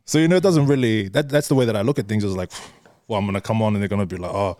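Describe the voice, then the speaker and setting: A man's voice: on the low side, racing, mellow, dry recording, clean studio sound. Candid swearing New Zealand man. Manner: candid, swears freely, laughs often. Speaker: guest, social media influencer. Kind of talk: casual podcast chat.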